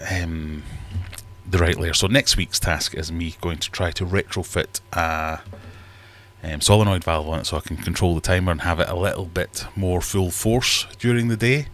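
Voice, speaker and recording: Chatty male streamer, deep voice, rambling and self-deprecating. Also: fairly even intonation, measured pace, fairly bright tone. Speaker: livestream host. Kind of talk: casual livestream chat. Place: home fish room.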